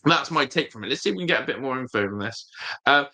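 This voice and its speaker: A man's voice: medium pitch, expressive, fast, pushed and bright. A man hosting a casual football fan stream, talking straight to viewers, emphatic and often repeating his phrases. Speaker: football fan channel host.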